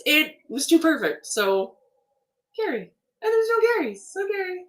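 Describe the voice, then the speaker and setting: Canadian woman streamer, chatty and animated, often drifts off-mic. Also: high voice, normal speed, distant mic. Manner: chatty and animated, laughs often, many ums. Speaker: livestream host, artist. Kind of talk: casual livestream chat reading comments.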